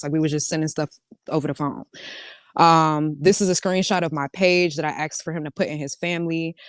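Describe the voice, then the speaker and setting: A woman with a smooth, clear voice casually walks through a string of text messages, narrating each side with "he said, I said." The sound is close and dry, with no room around her. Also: deep voice, no room sound. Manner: relaxed, reads messages aloud with "he said, I said". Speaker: storyteller reading out text messages. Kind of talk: casual recounting.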